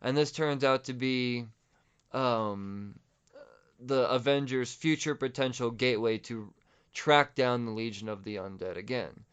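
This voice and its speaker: A man's voice: mid-range voice, a little slow, smooth. Male podcaster, casual profane comic recap, clean resonant tone, muffled lo-fi recording. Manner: excited, profane, rambling with restarts. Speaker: podcast host. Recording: dull lo-fi audio.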